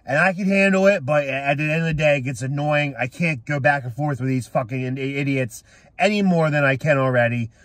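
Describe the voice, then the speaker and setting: Young guy ranting mad about his team, yells a lot, high pitched, dry close mic. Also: brisk, no echo. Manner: angry, shouting, swearing. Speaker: sports fan vlogger. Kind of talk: profane rant to camera.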